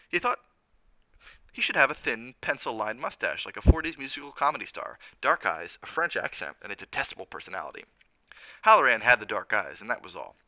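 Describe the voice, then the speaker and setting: Brief: male streamer doing casual book reading, quick and bright, low-ish voice. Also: no room sound, dull audio. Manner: brisk and plain, with asides. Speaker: streamer reading a novel aloud.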